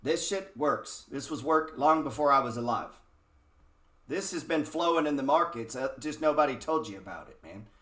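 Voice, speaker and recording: A man's voice: medium pitch, expressive, moderate pace, pushed and bright. Blunt, cursing man with a roomy echo. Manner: blunt, profane, rhetorical questions. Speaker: trading educator. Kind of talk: casual screen-share market talk.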